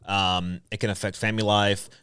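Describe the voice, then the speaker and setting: Podcast co-host, man in his thirties, lowish voice, dry close sound, halting delivery. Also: flat delivery, sharp tone, clear, resonant tone, dry recording. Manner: loose, halting, many fillers. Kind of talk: casual podcast chat.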